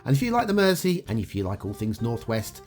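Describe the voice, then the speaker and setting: A man's voice: medium pitch, huge pitch swings, quick pace, darkish tone. A man hosting a game review show, talking through gameplay in an upbeat, chatty way with frequent "uh" fillers. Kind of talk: casual gameplay commentary. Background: faint guitar music.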